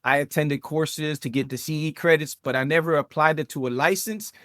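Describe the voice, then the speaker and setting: A man in his thirties with a South Florida accent, a podcast guest telling his story in a lively, chatty way with many fillers. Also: on the high side, a little fast, no echo. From South Florida, USA. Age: 30s. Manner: animated storyteller, many fillers, addresses listeners as guys. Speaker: podcast guest, vet tech and entrepreneur. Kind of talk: casual interview chat.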